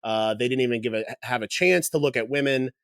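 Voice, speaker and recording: A man's voice: medium pitch, brisk, clean tone, no room sound. Young guy cohosting a podcast, easygoing, laughs a lot, dry close mic. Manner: laughs often, relaxed storytelling. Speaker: podcast co-host. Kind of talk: casual chat.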